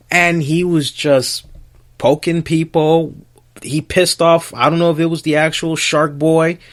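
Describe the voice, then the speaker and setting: Male podcast host, slow and profane, rambling rant, slightly high pitch.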